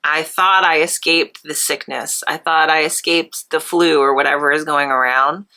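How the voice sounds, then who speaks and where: A woman's voice: deep voice, steady tone, moderate pace, bright, forceful tone. A woman artist chatting while she paints, with a nasal voice and a cold coming on, laughing often and rambling. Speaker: artist and channel host. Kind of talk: casual chat while painting.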